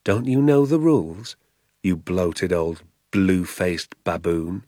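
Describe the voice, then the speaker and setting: A man doing a calm, quiet-spoken father. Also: low voice, takes it slowly, no room sound, clean studio sound, heavily acted.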